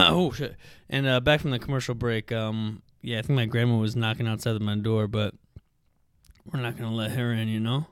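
Young man, solo podcast host, profane slangy rambling, smooth clear voice, dry room. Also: mid-range voice, no echo.

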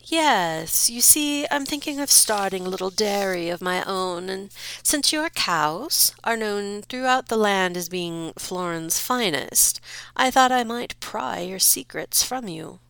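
A woman voicing a scheming noble count who speaks in a smooth, measured, condescending way. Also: medium pitch, animated, fairly bright tone, no echo, low-quality recording.

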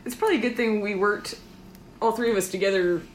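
A woman's voice: medium pitch, quick pace, slight background noise. Giggly woman in an echoey room. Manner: giggly, laughs often. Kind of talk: casual chat.

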